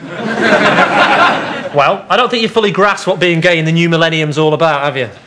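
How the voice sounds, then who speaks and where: A man playing a brash writer who pitches a camp TV scene with cheeky put-on voices. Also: animated, normal speed, pushed and bright. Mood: mocking. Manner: cheeky storyteller doing campy quoted voices. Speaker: sketch actor. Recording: studio audience laughter, noisy.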